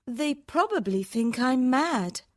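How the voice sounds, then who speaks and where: A man's voice: very high voice, expressive, slow, voice pushed up, full character voice. A man reading a story aloud, voicing an anxious young woman traveller who pleads urgently.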